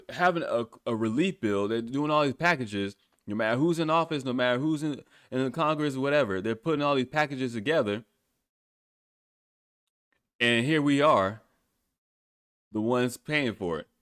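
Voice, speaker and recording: A man's voice: medium pitch, a bit bright, no echo, clean studio sound. A young man hosting a solo political podcast, sarcastic and profane, often breaking into laughter. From United States. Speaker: podcast host.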